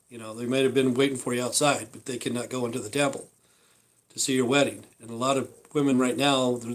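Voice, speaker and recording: A man's voice: medium pitch, poor audio. Rambling man chatting over lunch. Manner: rambling, with many fillers and asides. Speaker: vlogger. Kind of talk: casual live-stream talk.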